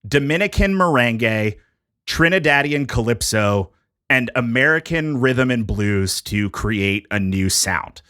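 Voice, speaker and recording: Bright-voiced man presenting prepared history notes. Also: medium pitch, expressive, measured pace, clear, resonant tone, no room sound, clean studio sound. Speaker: podcast host presenting a history topic. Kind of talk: casual podcast chat, reading prepared notes.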